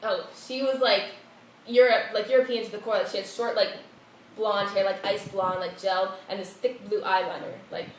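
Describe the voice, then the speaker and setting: A woman telling a story in a casual, animated way, filling her talk with "like" and acting out what people said. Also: medium pitch, normal speed. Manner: animated, fills speech with "like", acts out quotes. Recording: roomy, distant, noisy room recording.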